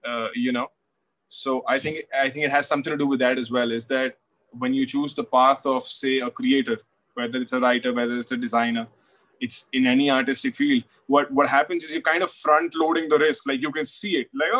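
A man with a mid-range voice talks as a guest in a casual conversation. He thinks out loud, leaning on fillers like "you know" and "like". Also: mid-range voice, little pitch movement, a little fast. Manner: reflective, filler-heavy, says "you know" often.

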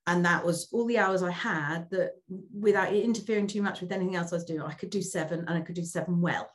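A woman's voice: fairly low pitch, quick pace. A middle-aged woman speaking as an interview guest. She talks candidly and reflectively, often repeating words as she starts a thought.

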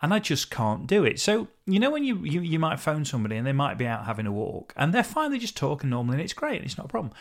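A man's voice: a little high, huge pitch swings, fast talker, hardly any pauses. A man hosting a casual solo podcast, talking in a rambling, chatty way and often correcting himself mid-sentence. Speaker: podcast host.

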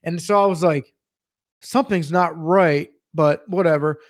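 High-voiced man ranting profanely. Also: a little slow. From Pennsylvania. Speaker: podcast co-host. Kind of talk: casual comedic storytelling.

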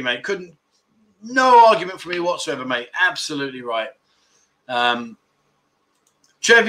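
A middle-aged man with a fairly high, bright, forceful voice, chatting loosely to a livestream audience. He bounces through viewer comments with cheeky, self-deprecating humour and easy banter. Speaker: livestream chat show host. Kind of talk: casual livestream chat reading viewer comments.

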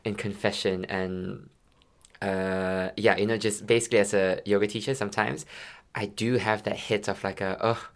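A man with a gravelly, fry-laced voice sitting a little low in pitch. He speaks as a yoga teacher in a podcast chat, musing slowly and reaching for his words. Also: steady tone. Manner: musing, searching, peppered with "you know". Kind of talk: reflective podcast conversation.

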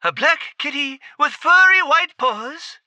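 A fond, doting tom cat chirps in an extremely high, piercingly bright voice that swings lively up and down. He speaks in homely, affectionate phrases. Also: unhurried, dry recording, heavily acted. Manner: homely talk with "wee" and "me".

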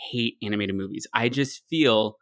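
A man's voice: fairly low pitch, moderate pace, a bit bright, no echo. Male co-host, thirties, blunt and crude in casual banter, dry close sound. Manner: blunt, joking, profane. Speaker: podcast co-host. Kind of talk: casual chat.

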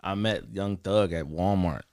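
A man, a rapper guest, chatting casually with laid-back slang, dropping to a mutter and then bursting loud when acting out a scene. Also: low voice, measured pace, dry recording, clean studio sound. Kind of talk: casual chat.

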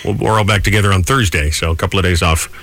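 A middle-aged man hosting a radio show, joking and animated in casual chat. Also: low voice, very fast. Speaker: radio host.

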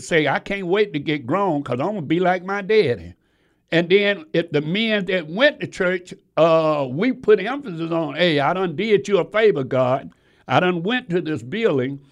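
A man preaching a sermon, talking straight to his listeners and swinging between rising, emphatic lines and low, quiet ones. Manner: rhythmic preaching with sudden rises and drops in pitch and volume; folksy, calls out to the congregation.

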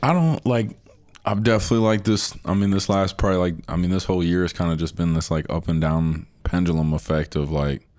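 A man's voice: low-pitched, steady tone, brisk, a little mellow, dry recording. A man, a podcast guest, talking in a rambling casual way, full of filler words. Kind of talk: casual chat.

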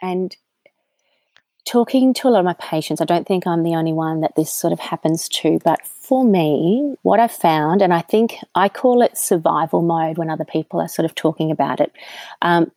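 A woman's voice: fairly low pitch, moderate pace, mellow, dry recording. A woman with an Australian accent, telling her story candidly as an interview guest, with frequent ums. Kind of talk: conversational interview.

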